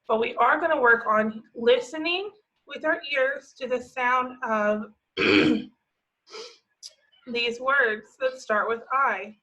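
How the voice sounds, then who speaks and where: A woman teaching a remote phonics lesson to young children, stretching out each word slowly as she sounds it. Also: fairly high pitch, pushed and bright. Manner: slow, drawn-out sounding of words. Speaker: preschool teacher. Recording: slightly dull lo-fi audio.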